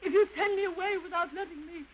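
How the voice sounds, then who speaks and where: A pleading disgraced wife, high voice. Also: female voice, fast. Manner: tearful, pleading, theatrical. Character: disgraced wife pleading to see her son. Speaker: estranged wife. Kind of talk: early 1930s film acting. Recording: hissy lo-fi 1929 film soundtrack.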